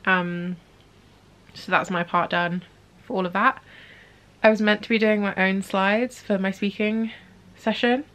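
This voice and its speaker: A woman's voice: medium pitch, steady tone, measured pace, fairly bright tone. A young woman talking casually to camera at home in a rambling daily vlog, full of self-deprecating asides. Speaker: vlogger.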